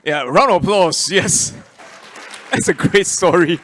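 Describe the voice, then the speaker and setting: A man's voice: sits high, fairly bright tone, a faint crowd, slight background noise. A man moderating a panel, thanking a speaker and putting questions to the next one in an upbeat way. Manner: upbeat, quick handovers and questions.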